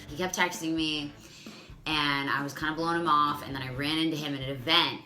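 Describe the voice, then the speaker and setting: A woman's voice: low-pitched, fairly even intonation, brisk, pushed and bright. A woman in her thirties telling a dating story to her viewers in a chatty, profane way, full of "like.". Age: 30s. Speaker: vlogger. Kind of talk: casual storytelling to camera.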